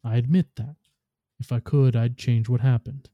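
A man reading the lines of a weary, scarred man who speaks calmly and with control. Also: mid-range voice, normal speed, dry recording, highs cut off, lightly acted. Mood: somber.

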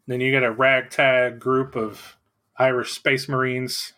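A man's voice: mid-range voice, level tone, measured pace, pushed and bright. A man co-hosting a podcast in casual chat, with dry, wry humor. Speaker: podcast co-host.

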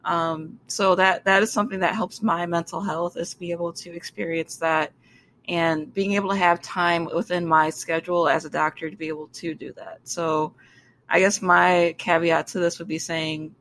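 Woman doctor on a podcast, bright voice, slight hiss behind her, talks earnest and reflective. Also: on the low side, little pitch movement, moderate pace. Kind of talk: casual chat.

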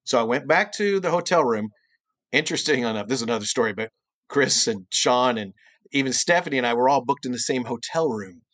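A middle-aged man, a guest voice actor and cartoonist, telling a long anecdote in a podcast interview and leaping into high, exaggerated voices when he quotes people. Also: lively intonation, a little fast, a bit bright, no echo.

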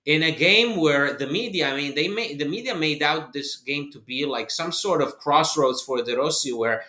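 A man co-hosting a football podcast, talking in a measured, analytical way with fillers. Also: on the high side, bright, forceful tone. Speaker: podcast co-host. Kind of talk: casual podcast chat. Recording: roomy echoey room.

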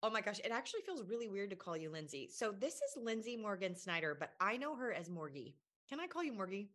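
A woman's voice: medium pitch, big pitch swings, fast talker, a bit bright, dry recording. Earnest woman podcast host, dry sound. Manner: earnest, emphatic, laughs often. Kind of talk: faith podcast teaching and chat.

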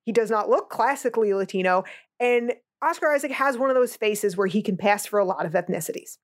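A woman's voice: medium pitch, animated, brisk. A woman co-hosting a podcast in casual chat, outspoken and blunt in her opinions. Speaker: podcast co-host.

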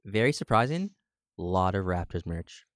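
A man's voice: sits low, very animated, normal speed, dry recording, clean studio sound. A young man with a Canadian accent co-hosting a sports podcast, chatty and enthusiastic in his stories. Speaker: podcast co-host. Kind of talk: casual sports podcast chat.

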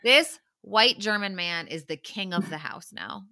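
A woman co-hosting a podcast, recapping reality TV in animated casual chat and quoting the cast. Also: mid-range voice, measured pace. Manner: animated, swearing, recounts scenes in quoted voices. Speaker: podcast co-host.

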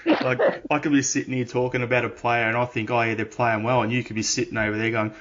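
A man's voice: medium pitch, flat delivery, moderate pace, a bit bright. A man hosting a podcast, joking in a laid-back, sweary casual chat. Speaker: podcast host. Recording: dull lo-fi audio.

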